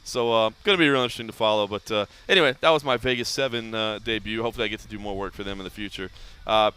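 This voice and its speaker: A man's voice: fairly low pitch, very fast, smooth. A man hosting a casual podcast, chatting and telling stories, often acting out quotes in a raised voice. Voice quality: animated storyteller, acts out quotes in raised voice. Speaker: podcast host.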